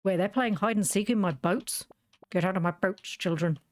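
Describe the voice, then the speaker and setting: A woman's voice: medium pitch, normal speed, no echo. Chatty woman playing a video game. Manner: chatty and playful. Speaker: game streamer. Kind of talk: casual gameplay commentary.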